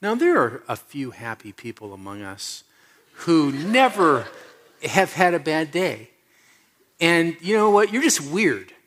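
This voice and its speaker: A middle-aged man preaching a sermon, telling personal stories, moving from loud animated moments to soft low asides. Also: a little slow, slight background noise. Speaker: pastor.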